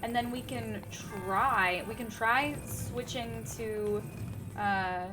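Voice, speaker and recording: A woman's voice: a little high, takes it slowly, music in the background. A woman streaming a game, chatting casually with her viewers and thinking aloud, nursing a slightly sore throat. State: sore throat, sipping tea. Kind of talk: casual game livestream chat.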